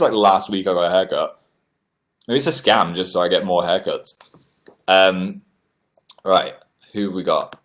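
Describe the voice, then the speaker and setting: A man hosting a casual livestream, chattily reading out viewer messages and answering them, his pitch often jumping up on exclamations. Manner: chatty, animated, reads messages aloud with upward-jumping pitch. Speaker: livestream host. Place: indoors at home.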